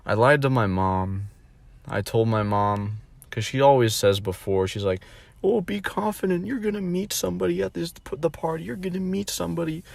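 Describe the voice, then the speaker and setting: A young man rambling through a casual storytime vlog, full of fillers and swearing. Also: lowish voice. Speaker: vlogger.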